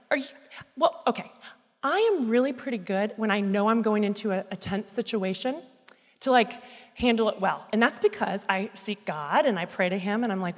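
A woman in her thirties speaking into a microphone at a church service, telling a candid personal story in an animated, self-mocking way. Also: fairly high pitch. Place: church auditorium. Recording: echoey hall sound.

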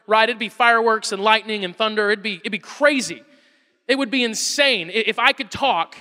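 A man in his thirties preaches with a high, bright voice that carries through a reverberant hall. He drives his points home with repetition and stumbles over restarts as he builds emphasis. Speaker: pastor. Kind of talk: sermon.

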